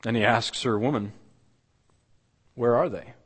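A man preaching a sermon, retelling a scripture story dramatically and dropping his voice to a near hush. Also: medium pitch, measured pace, husky, long reverb tail. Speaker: pastor. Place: church.

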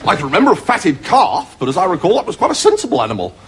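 An actor playing a hearty, bumbling, dim young prince with an upper-class English accent. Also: male voice, sits high, huge pitch swings, rapid-fire, full character voice. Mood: baffled. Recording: hissy old TV recording.

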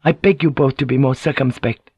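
A man voicing a gentle, formally polite Japanese noblewoman who speaks softly and apologetically. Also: medium pitch, fairly even intonation, brisk, breathy edge, no echo, lo-fi sound, pitched above the performer's own voice, close to an everyday voice. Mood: earnest. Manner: soft, apologetic, courteous.

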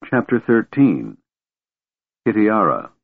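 A man narrates a fantasy audiobook in a steady, measured voice. His voice is very low and the recording is dry, with no room sound. The audio is squeezed into a narrow, phone-like band. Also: gravelly, husky, no room sound.

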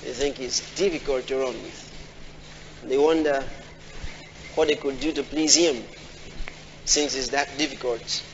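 A man's voice: steady tone, measured pace, long pauses, slight background noise. Man preaching in an echoing hall. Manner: call-and-response questions to the congregation; acts out quoted people in a high pitch. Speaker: pastor. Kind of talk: sermon. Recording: dull audio in a large reverberant hall.

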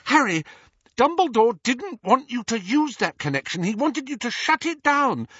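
A bossy, frightened teenage witch lectures her friends in a shrill, high voice, as a man does her in an audiobook. The tone is husky. The sound is dry and muffled. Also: big pitch swings, moderate pace, fairly bright tone, dry recording, full character voice. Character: anxious bossy teen girl witch.

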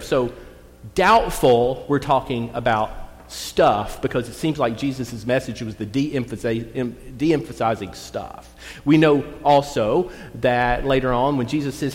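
A male pastor gives a relaxed, folksy sermon at a middle pitch. He reads the scripture slowly and deliberately, and his voice trails into a long church reverb. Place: church sanctuary.

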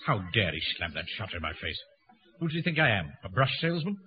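A man's voice: lowish voice, big pitch swings, quick pace. A self-important middle-aged officer, whose voice swoops up and down as he blusters and commands. The recording is muffled, with heavy hiss. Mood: pompous. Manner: pompous, blustering. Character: pompous middle-aged captain and bank manager. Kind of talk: radio sitcom acting. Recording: muffled, hissy archive broadcast.

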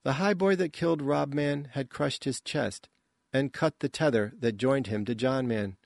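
A man giving scripted audiobook narration in a measured, even tone. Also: medium pitch, vocal fry, dry recording, clean studio sound.

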